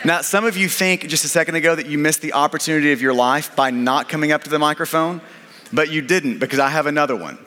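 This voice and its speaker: A man's voice: fairly high pitch, quick pace, sharp tone, in a large hall. A man leading a church service, joking with the congregation and inviting people up to the microphone.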